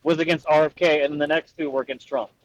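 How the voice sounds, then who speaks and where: A man's voice: a little high, steady tone, fast, lo-fi sound, a little hiss or hum. A young man in casual podcast chat, earnest and hedging, often restarting his sentences. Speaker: podcast co-host.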